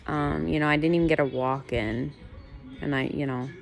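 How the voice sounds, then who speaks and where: A woman's voice: low voice, fairly even intonation, normal speed, gravelly, soft background music. A woman in her late thirties talking candidly in a casual home vlog, venting her frustration. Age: late 30s. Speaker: fasting vlogger. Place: at home, in bed.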